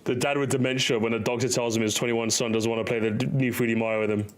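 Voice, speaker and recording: A man's voice: mid-range voice, steady tone, fast talker. A man casually reacting to memes, laughing often, swearing and acting out little bits.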